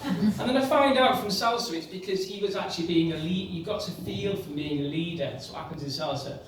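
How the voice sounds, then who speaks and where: A man's voice: high voice, fairly quick. A man doing a stand-up set in a pub, telling self-mocking stories in a conversational way. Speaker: stand-up comedian. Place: pub venue with audience. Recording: distant mic, loud room echo, faint noise.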